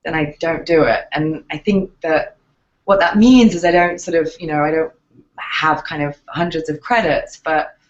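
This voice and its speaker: A woman's voice: low-pitched, normal speed. Woman, English accent, interview guest, reflective, hesitant fillers, slightly muffled audio. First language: English accent in real speech. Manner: thoughtful, hesitant, many fillers and restarts. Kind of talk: relaxed interview answers.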